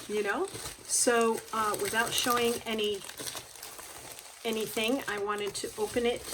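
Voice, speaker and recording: A woman's voice: mid-range voice, noisy background. A woman craft vlogger opening a gift package on camera, gushing and gasping over each item and sometimes dropping to a whisper. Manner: gushing, exclaims and gasps. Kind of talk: casual unboxing chat. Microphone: camera on a stand, she moves it by hand.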